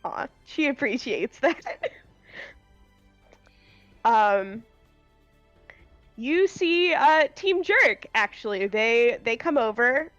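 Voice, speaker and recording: Slow-talking woman game master. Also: a little high, expressive, fairly bright tone, no echo, dull audio, soft background music. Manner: unhurried, laughing, with many fillers. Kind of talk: narrating a tabletop game.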